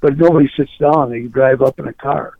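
Flustered, defensive man with a gravelly, higher voice, heard over a dry, tinny phone line. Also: fairly even intonation, a little fast, dry recording. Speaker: prank call target. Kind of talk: phone call.

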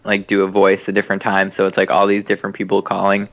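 A man's voice: low voice, monotone, fast, fairly bright tone, no echo, poor audio. Curious man in casual chat.

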